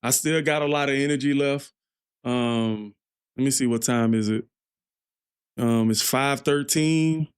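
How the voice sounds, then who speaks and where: A man's voice: mid-range voice, unhurried, pauses often, clean tone. A man hosting a music reaction livestream, chatting casually with viewers and laughing often. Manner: laughs often, loose and playful; talks to viewers directly.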